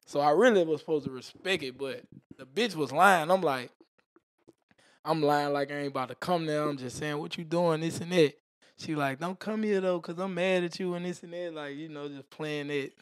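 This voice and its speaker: A man's voice: on the high side, moderate pace. A man telling a wild story as a podcast guest, with casual, profane slang and spoken sound effects.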